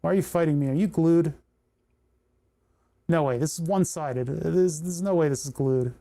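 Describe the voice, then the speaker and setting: A man's voice: a little high, moderate pace, creaky, mellow. A man chatting casually on a livestream while he solders, thinking aloud and talking to the parts in his hands. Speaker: electronics livestreamer.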